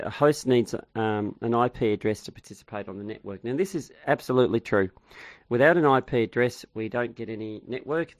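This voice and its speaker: A man's voice: on the low side, no room sound. A man teaching a networking course in a casual online lecture, chatty and encouraging, with frequent ums and self-corrections.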